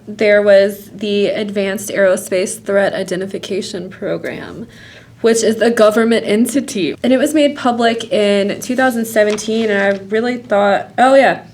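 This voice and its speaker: A woman's voice: a little high, normal speed, a little mellow. A woman co-hosting a podcast in casual chat, with dry, sarcastic banter. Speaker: podcast co-host.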